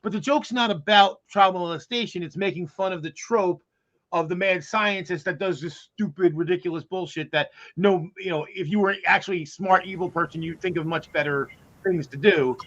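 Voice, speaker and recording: A man's voice: high voice, normal speed, a bit bright. A man in casual group chat, telling a long story with many restarts and fillers. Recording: dull lo-fi sound.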